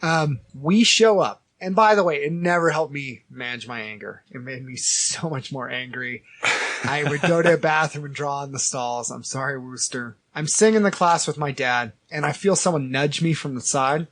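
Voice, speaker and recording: A man in his thirties, a podcast host, telling animated stories in casual chat and laughing often. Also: on the high side, normal speed.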